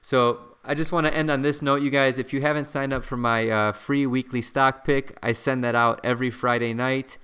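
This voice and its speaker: A man hosting a casual stock-market livestream from his home, chatting in a relaxed way with fillers and frequent asides to his viewers. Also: mid-range voice, normal speed, hardly any pauses, clear, resonant tone.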